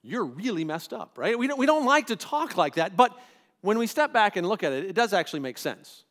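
Male pastor, middle-aged, high voice, casual sermon delivery with acted-out quotes. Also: expressive, brisk, fairly bright tone. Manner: conversational preaching, acts out quoted voices.

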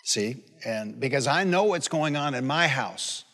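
A pastor in his sixties preaches in a folksy, conversational way, stopping to toss questions out to his congregation. His voice sits at an ordinary pitch for a man. It rings with the long reverb of a large hall. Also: animated, a little slow, fairly bright tone. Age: 60s. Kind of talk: sermon. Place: church sanctuary.

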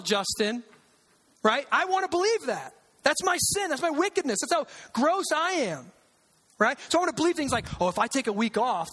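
A man preaches as pastor in a high, pushed, bright voice with a breathy edge. Conversational and emphatic, he uses sarcasm and repeats lines for weight. The sound has a long hall reverb.

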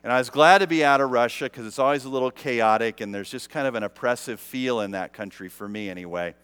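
A man's voice: mid-range voice, fast talker, a bit bright, clean tone. A man telling a humorous personal story to a live audience, casual and self-deprecating, with lots of "like" fillers.

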